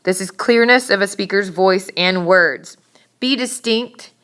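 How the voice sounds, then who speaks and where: A woman teacher giving a brisk, emphatic classroom lecture on public speaking, scolding her students now and then. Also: medium pitch, a bit bright, clear, resonant tone.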